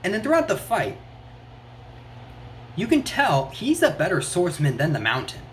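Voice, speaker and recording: Casual reviewer, excitable, lots of filler words and restarts, middle pitch, faint background hiss. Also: normal speed. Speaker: show reviewer.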